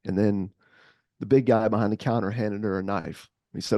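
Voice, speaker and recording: A man co-hosting a podcast, telling a story in a casual, animated way. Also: fairly low pitch, moderate pace, no echo, studio quality. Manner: animated, acts out voices. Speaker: podcast co-host.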